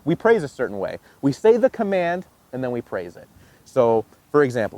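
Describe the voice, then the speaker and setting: A man teaching dog training, explaining casually and jumping into a high excited voice when he demonstrates praise. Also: moderate pace, dry recording. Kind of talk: instructional demonstration.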